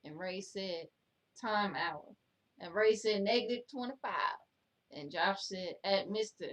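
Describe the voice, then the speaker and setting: A woman reads viewer comments aloud as co-host. She talks in sassy, scolding banter at a medium pitch. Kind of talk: casual chat.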